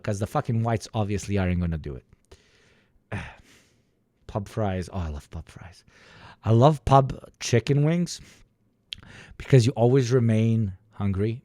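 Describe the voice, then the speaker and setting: A young man streaming to his chat, rambling through a story with plenty of swearing and asides. His voice sits a little low and sounds mellow, recorded close and dry. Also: dry recording. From Balkans. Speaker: livestreamer. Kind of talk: casual chat with viewers.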